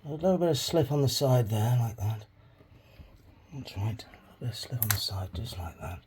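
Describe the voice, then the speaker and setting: A man's voice: medium pitch, expressive, moderate pace, a little mellow, breathy edge. A man making clay pots as he talks, rambling and swearing freely, often muttering asides under his breath. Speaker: crafting hobby vlogger. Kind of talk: casual crafting tutorial.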